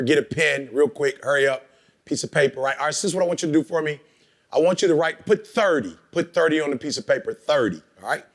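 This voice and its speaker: A man on a conference stage giving brisk, directive instructions to the audience and often checking in with "all right". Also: a little high. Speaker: motivational conference speaker. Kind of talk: interactive workshop talk.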